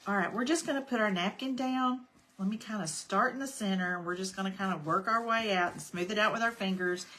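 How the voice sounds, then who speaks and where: Bright-voiced woman crafting live. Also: medium pitch, a little fast. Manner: chatty, greets viewers by name between steps. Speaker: craft tutorial host. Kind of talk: casual livestream craft demo.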